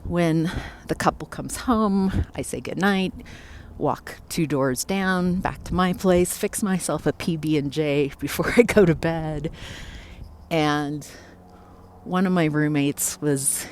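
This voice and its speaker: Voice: medium pitch, slow, a little hiss or hum. A psychic medium casually telling a first-person ghost story, reflective and loose, with filler words.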